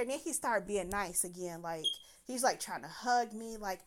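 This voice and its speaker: A woman tells a personal story in a lively, swooping voice that sits a bit high. She swears freely and laughs through her words, animated and unfiltered. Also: moderate pace, hardly any pauses, slight background noise.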